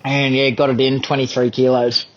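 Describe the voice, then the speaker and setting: A young man, a podcast guest, telling a fishing story in an animated, self-deprecating way. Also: medium pitch, moderate pace, dull audio, slight background noise. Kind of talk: casual storytelling.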